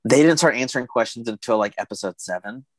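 A man in casual conversation, talking in long animated runs and acting out quoted thoughts. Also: mid-range voice, fast, dry recording. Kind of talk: casual chat about TV shows.

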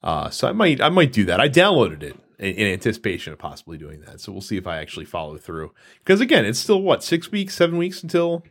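A man hosting a podcast in easy, casual chat. His pitch swings up and down a lot as he talks, and he keeps pausing on fillers and restarting his sentences. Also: wildly swooping pitch. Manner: chatty, lots of fillers and restarts. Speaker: podcast co-host.

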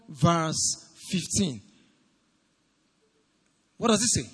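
High, animated preacher in a hall. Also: male voice, brisk, long pauses, slightly rough. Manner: animated preaching, rising to shouts and dropping low. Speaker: pastor. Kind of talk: sermon.

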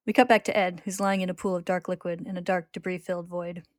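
A woman's voice: lowish voice, little pitch movement, quick pace, dry recording, clean studio sound. A woman host retelling a comic's story in casual recap narration, laughing often and lifting the quoted lines. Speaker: podcast host retelling a manga.

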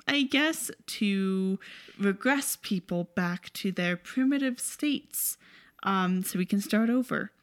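Woman, casual movie recap, wry, chatty, sarcastic, mid-pitched.

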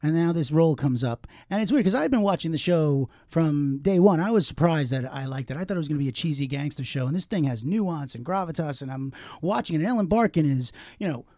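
A man's voice: a little high, expressive, fast talker, few pauses, mellow, no echo, studio quality. A man hosting a podcast interview, brash and joking, swearing casually. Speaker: podcast host.

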